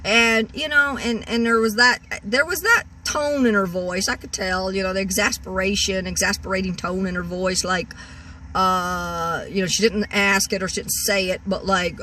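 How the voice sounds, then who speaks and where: A woman's voice: medium pitch, moderate pace, sharp tone, recorded from a distance, a little hiss or hum. Rambling woman in her sixties, off-mic. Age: 60s. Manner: rambling, full of restarts and repeated words. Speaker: car-camping vlogger. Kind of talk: rambling vlog rant. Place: parked vehicle in a store parking lot.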